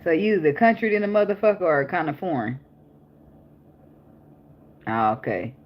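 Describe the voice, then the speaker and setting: A woman's voice: sits low, big pitch swings, moderate pace, muffled recording. A young woman reading tarot in a casual, chatty way, blunt and profane, laughing often. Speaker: tarot reader.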